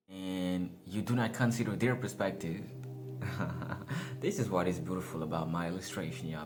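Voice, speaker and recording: A man giving a casual motivational monologue, laughing often, swearing and calling his listeners y'all. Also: sits low. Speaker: motivational speaker.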